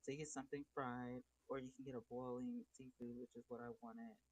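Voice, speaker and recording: A woman's voice: a bass voice, very animated, brisk, creaky, darkish tone, poor audio. A middle-aged woman hosting a casual livestream, chatting and greeting viewers by name. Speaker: livestream host.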